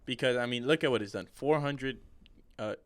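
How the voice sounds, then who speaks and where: A young man, a communications student co-hosting a sports podcast, chatting in a relaxed, laid-back way with casual slang. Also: mid-range voice, moderate pace. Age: young adult.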